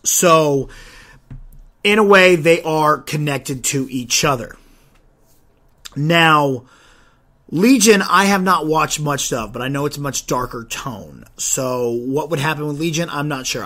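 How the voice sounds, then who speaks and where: Animated, slightly high-voiced man rambling. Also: measured pace. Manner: animated, rambling with restarts and stumbles. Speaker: podcast host. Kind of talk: solo podcast commentary.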